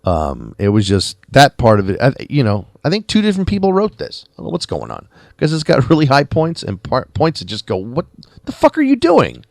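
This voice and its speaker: A man's voice: medium pitch, wildly swooping pitch, fairly quick, gravelly, no echo, studio quality. A man reviewing a movie on a podcast in a rambling, conversational way, now and then mimicking lines of dialogue. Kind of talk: casual spoken review. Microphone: podcast mic.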